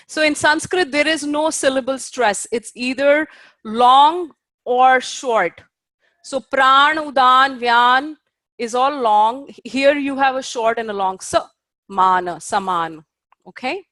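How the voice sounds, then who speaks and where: With a fairly high, slightly bright voice and no echo, a woman teaches an Ayurveda class. She's patient, uses fillers, checks whether her students are following, and takes care over Sanskrit pronunciation.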